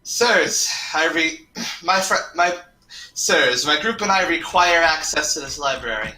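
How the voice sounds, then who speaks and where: A man's voice: on the high side, lively intonation, measured pace, sharp tone, reverberant, exaggerated voice, rough recording. A man voicing an earnest adventurer who stammers and speaks formally while pleading with guards.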